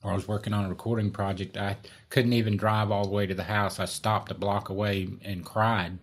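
A middle-aged man, a guest, telling a personal faith story in an animated, self-mocking way. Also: on the low side, brisk. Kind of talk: conversational storytelling.

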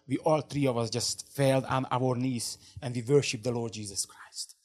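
A man's voice: mid-range voice, fairly even intonation, normal speed, darkish tone. A man who learned English as a second language, telling a fervent faith testimony as an interview guest, in broken English full of restarts and repeated words. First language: not English.

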